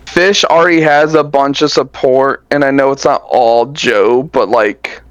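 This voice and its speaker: A man explains game history and card choices at length, full of hedges and fillers. His voice is smooth and resonant, but the mic sounds muffled and dead dry. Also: mid-range voice, a little slow, no echo. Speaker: podcast co-host. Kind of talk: casual chat about card games.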